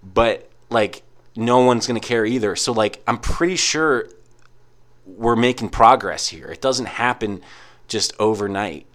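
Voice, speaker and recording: A young man rambles through a profane, casual rant, packing every sentence with "like" and restarts. His voice sits a little low, and he talks like a podcast host holding forth on his own. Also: a little slow, fairly bright tone. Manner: rambling, heavy use of "like", profane. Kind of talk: casual ranting monologue.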